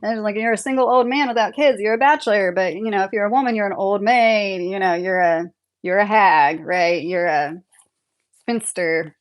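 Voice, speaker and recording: Speaking at a moderate pace in a mid-range voice, a young woman hosts a relaxed livestream from her double-wide trailer home. She reads out viewers' comments, shares strong opinions, chats freely, and laughs frequently.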